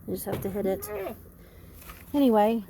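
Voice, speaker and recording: Woman, slightly high-pitched, casual farm vlog, rambling, matter-of-fact, outdoors, phone mic. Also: unhurried, noisy background. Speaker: homesteader giving a tour. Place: outdoors on a farm among animals.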